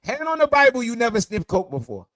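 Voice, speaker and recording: American man, high lively voice, loud mocking banter, dry close mic. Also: quick pace, no room sound. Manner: loud, mocking, animated trash talk. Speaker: panelist. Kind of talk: heated online panel debate.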